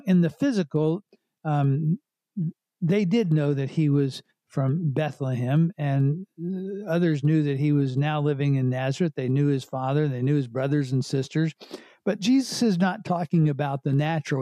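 Mellow-voiced man teaching through scripture. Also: a little high, no echo. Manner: unhurried, explanatory, with frequent restarts. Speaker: Bible teacher. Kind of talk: verse-by-verse Bible teaching.

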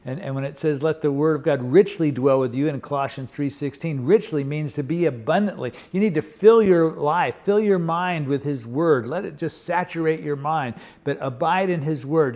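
A man's voice: a little high, a little mellow. An older man preaching a sermon in an earnest, conversational way, often checking in with the congregation. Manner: earnest, conversational preaching with frequent "okay?" and "you know". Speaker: pastor.

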